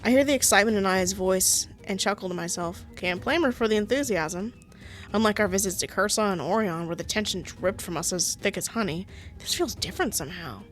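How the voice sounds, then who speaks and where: A woman's voice: mid-range voice, brisk, soft background music. A woman with a sore throat, reading a visual novel aloud and breaking off into casual, self-mocking asides. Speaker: game streamer.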